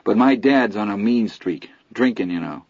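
A man's voice: on the low side, expressive, moderate pace, a little mellow, no echo. A man voicing a tough, wry boy with a blunt way of talking, in a dull lo-fi recording. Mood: flat.

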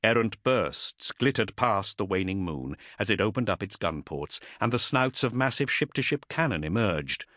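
A man's voice: on the low side, lively intonation, moderate pace, hardly any pauses, a bit bright, no echo. Brief: male audiobook narrator, dramatic, wide-ranging intonation, dry close sound. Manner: dramatic, vivid reading. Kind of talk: scripted narration.

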